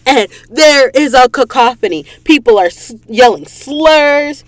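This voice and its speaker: A woman from Georgia hosting a podcast, retelling a novel's plot in an animated, gushing way with quick asides to listeners. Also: sits high, no echo. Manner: animated, gushing storyteller, slips into whispers and asides. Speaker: podcast host. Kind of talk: casual book recap. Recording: dry close recording booth.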